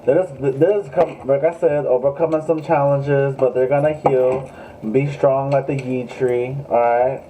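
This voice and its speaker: A man's voice: medium pitch, steady tone, a little slow, mellow, slight background noise, poor audio. Chatty man giving a casual tarot reading. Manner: chatty, joking, swearing, addresses viewers. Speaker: tarot reader.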